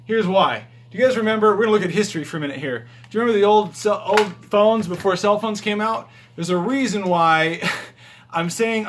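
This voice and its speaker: Walking from the hallway to the bedroom of his house, a high-voiced rideshare driver and vlogger talks directly into his handheld phone camera, fairly quickly and with slight background noise. His casual vlog delivery is emphatic and motivational, packed with asides and rhetorical questions, like a driver chatting with fellow drivers.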